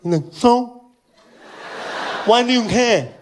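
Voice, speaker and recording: A man's voice: expressive, rapid-fire, background noise. A man putting on a pushy deaf fan. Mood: insistent. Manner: loud, pushy and insistent, high raised voice. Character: excitable partially deaf male fan, blunt and teasing.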